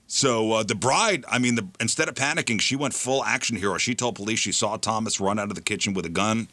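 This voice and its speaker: A man's voice: on the low side, fast, bright, forceful tone, no echo. A man hosting a comedy radio show, telling news stories with casual joking banter. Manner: joking, storytelling.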